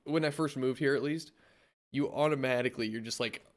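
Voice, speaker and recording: A young man co-hosting a podcast over a video call, joking deadpan and swearing freely in casual banter. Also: medium pitch, a little fast. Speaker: podcast co-host.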